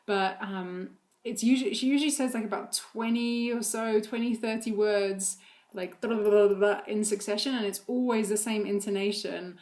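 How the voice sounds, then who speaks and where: Brief: mum vlogger, casual chat, loose fillers, easy laughs. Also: female voice, mid-range voice, steady tone, normal speed, a little mellow. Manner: chatty, many fillers, laughs often. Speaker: vlogger and mother. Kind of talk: casual chat about her toddler.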